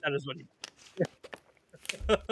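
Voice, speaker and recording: Bright-voiced man reading stream chat. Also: takes it slowly, a little hiss or hum. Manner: reads viewer comments aloud, laughs often. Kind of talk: casual live-stream chat.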